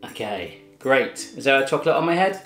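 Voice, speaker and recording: A man's voice: medium pitch, sing-song, a little fast, fairly bright tone. A man hosting a casual food taste test with his daughter, chatty and jokey. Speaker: cooking channel host tasting food with his daughter. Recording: roomy echo with faint music.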